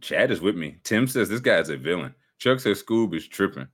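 A man with a fairly low voice that swings widely in pitch, chatting on a livestream. His delivery is animated and playful, full of teasing banter. It sounds like relaxed talk between friends. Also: brisk, husky. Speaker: streamer. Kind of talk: casual livestream chat.

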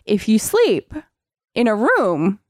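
A woman's voice: medium pitch, huge pitch swings, takes it slowly, no echo, clean studio sound. A woman in casual chat recapping a book, sarcastic and swearing freely as she acts out the characters' lines.

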